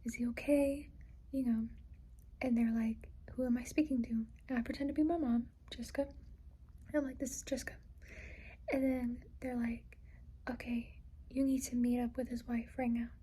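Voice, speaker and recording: A woman's voice: fairly high pitch, fairly even intonation, moderate pace, long pauses, warm tone, husky, rough recording. A young woman in a casual personal vlog, talking in a rambling way with lots of "like" and "you know", trying to hold back tears. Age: young adult. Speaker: vlogger.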